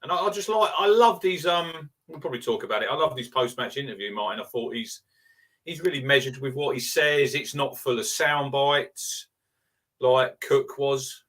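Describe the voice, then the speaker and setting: A man co-hosting a casual live fan chat, speaking earnestly and in measured terms, often restarting his sentences. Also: medium pitch, a bit bright, far from the mic. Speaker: fan show co-host.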